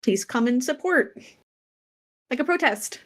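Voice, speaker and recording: A woman's voice: high-pitched, animated, a little slow, a bit bright. A woman playing a tabletop game, chatting casually and hesitantly with many fillers. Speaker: player. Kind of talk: casual chat.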